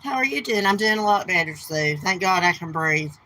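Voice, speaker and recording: A woman in middle age talks straight to her live stream viewers, gossiping bluntly and cussing as she goes. Her voice sits on the low side. Faint outdoor noise hums behind her. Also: lively intonation, fairly quick, pushed and bright, low-quality recording. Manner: blunt, gossipy, cussing, Southern turns of speech. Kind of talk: casual live stream chat. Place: outdoors near her home.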